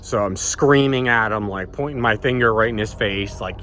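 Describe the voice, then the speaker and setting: A man's voice: fairly low pitch, normal speed, sharp tone, slight background noise. A man telling a personal story in a casual, rambling way, swearing freely and often restarting his sentences. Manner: rambling, profane, many restarts and ums. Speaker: vlogger.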